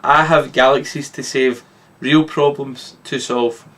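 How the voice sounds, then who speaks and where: A man voicing the Doctor, a gruff, impatient male time traveller who snaps at the kids. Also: medium pitch, steady tone, measured pace, a bit bright, natural voice. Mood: curt. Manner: curt, snapping.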